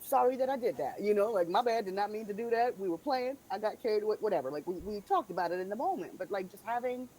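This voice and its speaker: A woman guest in casual livestream chat, talking in an animated, ranting way with quick laughs. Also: mid-range voice, a little hiss or hum, rough recording.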